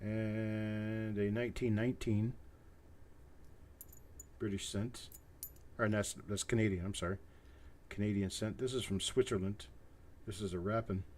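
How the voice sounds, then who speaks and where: A man's voice: lowish voice, steady tone, a little mellow. A man hosting a live coin auction, chanting bid calls over and over and chatting casually between them. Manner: rapid repetitive bid calling, casual asides. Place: cluttered room at home.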